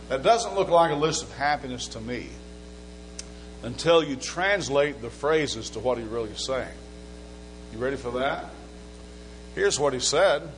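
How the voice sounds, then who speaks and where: A man's voice: medium pitch, a little hiss or hum, rough recording. A man preaching a sermon in a conversational way, asking rhetorical questions and adding humor. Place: church sanctuary.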